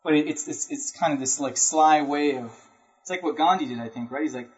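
A man's voice: a little high, a little fast. A man giving an informal history lecture, talking conversationally, often checking in with the listener and acting out historical speakers in brief asides. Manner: conversational, keeps checking in with "right?". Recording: dull lo-fi recording.

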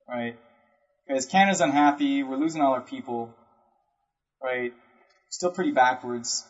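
A man gives an informal history lecture in a conversational way, often checking in with the listener with "right?" and briefly acting out historical speakers. His medium-pitched voice is a little slow and pauses often, on a dull lo-fi recording.

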